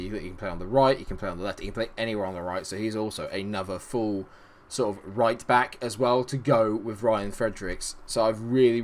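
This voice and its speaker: Gaming YouTuber, fairly low-voiced man, excitable and chatty, given to asides. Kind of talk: casual game commentary.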